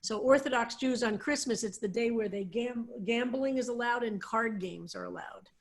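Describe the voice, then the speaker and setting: A woman rabbi teaching a psalm class over a video call, explaining slowly with many fillers and restarts. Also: a little high.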